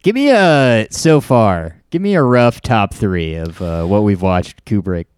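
A man's voice: fairly low pitch, big pitch swings, a little slow, darkish tone, clean tone, dry recording, studio quality. A man co-hosting a podcast, talking casually about films in a hesitant, easygoing way with many uhs and restarts. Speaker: podcast co-host. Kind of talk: casual film discussion.

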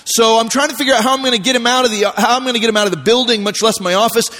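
High-voiced preacher in a reverberant hall. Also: male voice, racing. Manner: conversational storytelling with lively voiced asides. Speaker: pastor. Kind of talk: sermon.

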